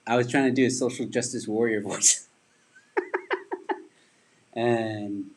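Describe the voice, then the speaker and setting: Husky-voiced man chatting on a livestream. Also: mid-range voice, steady tone, takes it slowly, rough recording. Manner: rambling, chatty, reads and answers viewer comments. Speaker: livestream host and stand-up comedian. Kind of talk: casual livestream chat.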